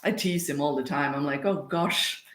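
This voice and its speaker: Livestreaming from her home kitchen, a spiritual medium chats casually and drifts off topic. Her voice is low-pitched and brisk, and the room sounds echoey.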